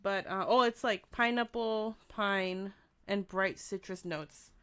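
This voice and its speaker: A woman's voice: mid-range voice, takes it slowly, a bit bright, clean tone. A woman co-hosting a beer-tasting podcast, chatty and upbeat, with plenty of likes and ums. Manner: chatty, upbeat, filler-heavy. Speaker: podcast co-host. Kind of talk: casual beer-tasting chat.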